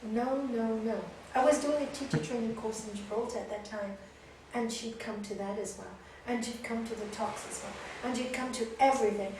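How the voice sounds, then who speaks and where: A woman yoga teacher giving a spiritual talk to students, telling stories with lively energy and frequent laughter, recorded in an indoor venue. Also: a little high, fairly quick. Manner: animated storytelling with frequent laughter. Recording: echoey room, distant mic, faint noise.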